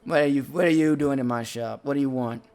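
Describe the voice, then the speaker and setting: A game master voicing an irritable fantasy shopkeeper who snaps and grumbles at customers. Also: male voice, mid-range voice, quick pace, music in the background, close to an everyday voice. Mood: annoyed. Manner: snappish, grumbling.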